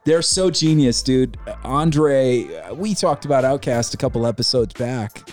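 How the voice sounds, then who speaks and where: A man's voice: medium pitch, unhurried. Guy on a podcast, rambling and hyped, swears a lot, faint music behind. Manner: excited, rambling, swears freely. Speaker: podcast host. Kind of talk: casual chat about hip hop.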